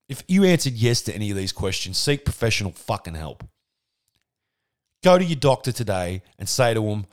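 A man's voice: mid-range voice, sing-song, a little fast. Swearing, ranting Australian man. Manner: profane, rambling, sardonic, restarts a lot. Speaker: podcast host. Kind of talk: solo ranting monologue. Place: room at home with white wall. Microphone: podcast microphone.

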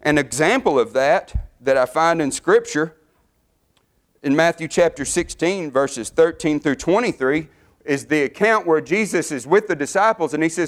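A middle-aged man preaching a sermon, fervent, his voice climbing higher and louder as he builds. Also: lively intonation, moderate pace.

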